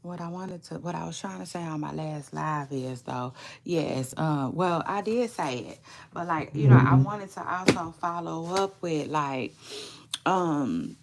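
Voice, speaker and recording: Woman, 30s, casual livestream chat, rambling, fry in the voice. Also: sits low, noisy background. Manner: rambling, drawn-out, repeats phrases; slow, gravelly, laid-back delivery. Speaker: livestream vlogger.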